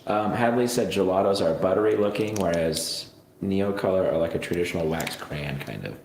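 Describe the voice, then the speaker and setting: A man's voice: deep voice, fairly quick, a little mellow, reverberant, a little hiss or hum. A man co-hosting a painting stream, easygoing and jokey, chatting and laughing along. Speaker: co-host. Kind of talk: casual chat.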